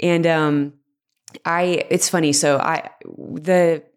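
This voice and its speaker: Podcast guest: low-pitched woman in her thirties, casual, rambling, self-deprecating. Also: steady tone, slow pace, smooth. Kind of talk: casual interview chat.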